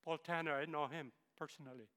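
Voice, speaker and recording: A man's voice: on the high side, steady tone, brisk, fairly bright tone, in a large hall. A man, giving an impassioned sermon testimony as a guest speaker in a church. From northern Philippines. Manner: impassioned storytelling. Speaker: missionary pilot, guest speaker.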